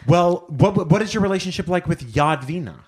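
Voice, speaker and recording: Casting: animated man, fairly high voice with lots of swing, playful banter. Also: a little fast. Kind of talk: casual chat.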